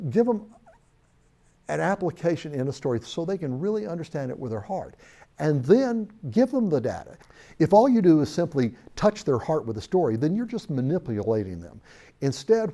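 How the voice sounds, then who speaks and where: A man's voice: fairly high pitch, warm tone. A man giving a recorded sales training lecture, storytelling in an emphatic way.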